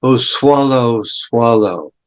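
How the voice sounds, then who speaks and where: An older man voicing a sorrowful young prince statue who pleads gently, retold as a story in a lecture. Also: mid-range voice, smooth, lightly acted. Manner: pleading, repeats his refrain slowly.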